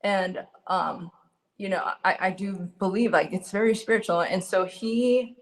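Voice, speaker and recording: A middle-aged woman giving a candid personal testimony as an interview guest, earnest and halting with frequent restarts. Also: mid-range voice, steady tone.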